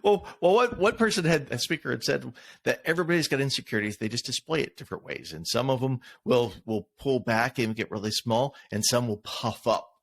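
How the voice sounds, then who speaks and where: A middle-aged man co-hosting a casual podcast chat, affirming his partner, adding quick quips and chuckling often. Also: medium pitch, animated. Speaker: podcast co-host.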